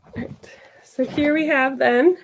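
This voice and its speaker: A woman with a cold and a gravelly voice, chatting casually through a sewing tutorial. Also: high-pitched, fairly even intonation, measured pace, slight background noise. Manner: chatty and upbeat, with fillers. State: sick, gravelly voice. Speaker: sewing instructor. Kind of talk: casual sew-along tutorial.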